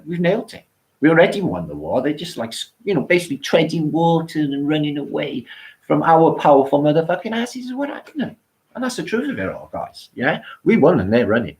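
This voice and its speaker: A middle-aged man, rambling excitably on a live stream, swearing often and laughing between thoughts, worn out from a long walk. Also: medium pitch. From Wales. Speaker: livestream host.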